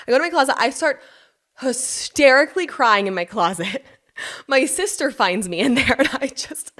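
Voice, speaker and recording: A pregnant young woman hosting a podcast, telling a personal story in a casual, animated way, laughing often and swearing freely. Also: sits high, normal speed. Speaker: podcast host.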